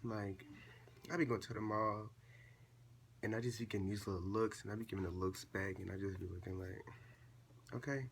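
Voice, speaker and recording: A seventeen-year-old young man, a vlogger telling a casual storytime at home and acting out quoted dialogue in a chatty, animated way. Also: fairly low pitch, moderate pace, gravelly, long pauses, a little hiss or hum. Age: late teens.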